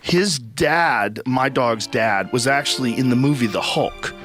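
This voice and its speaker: An actor voicing a chatty, incredulous podcast host in an animated parody. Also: male voice, mid-range voice, a little slow, soft background music, lightly acted. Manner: excitable, animated storytelling. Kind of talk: comedic parody banter.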